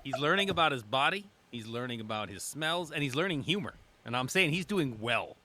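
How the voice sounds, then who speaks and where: Bright-voiced joking man podcast co-host. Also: mid-range voice, animated, a little fast. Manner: teasing, joking banter. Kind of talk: casual podcast chat.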